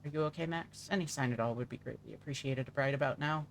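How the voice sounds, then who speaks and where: A frazzled young man texts his friend, blunt and casual as he admits he's falling apart, voiced by a man reading aloud. The pitch is ordinary, with a faint hum in the background. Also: fast, creaky, fairly bright tone.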